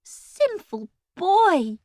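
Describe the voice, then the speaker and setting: A woman reading a storybook, voicing a bossy young girl turned pious, in a sweet, cooing, high-pitched voice. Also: big pitch swings, extremely slow, darkish tone, dry recording, clean studio sound, exaggerated voice.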